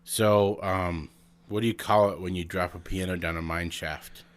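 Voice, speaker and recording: A man co-hosting a podcast, trading dry, deadpan jokes and puns in casual chat. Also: deep voice, normal speed. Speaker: podcast co-host.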